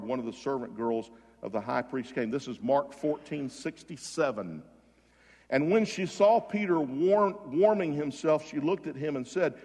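A man preaching a sermon as pastor, swinging between loud emphasis and hushed softness and repeating words for effect. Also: mid-range voice. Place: church sanctuary. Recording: long reverb of a large hall.

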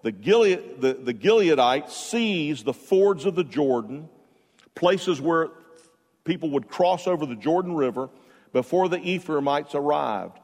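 A man preaching a sermon, telling stories with bursts of loud emphasis and quiet asides. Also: a little high, expressive, a little slow. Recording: long reverb of a large hall.

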